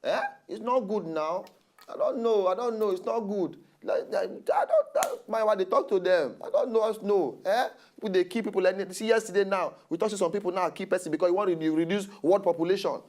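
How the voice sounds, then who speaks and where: A man with a Nigerian Pidgin accent, co-hosting a TV chat show and talking with animated, preachy outbursts. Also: high voice, a little fast. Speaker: TV show co-host. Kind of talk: casual chat.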